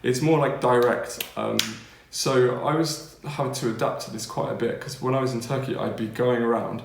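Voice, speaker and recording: An English man talks through a language lesson in a relaxed, chatty way, checking in with his listeners every few sentences. His voice has a gravelly edge and sits at a middling pitch. The room around him rings with noticeable echo. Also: normal speed, background noise. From England. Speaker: language-learning teacher. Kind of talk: casual spoken lesson.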